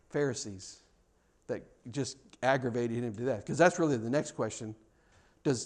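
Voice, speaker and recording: A middle-aged man preaching a sermon as pastor, earnest and animated, often repeating words as he restarts his sentences. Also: medium pitch.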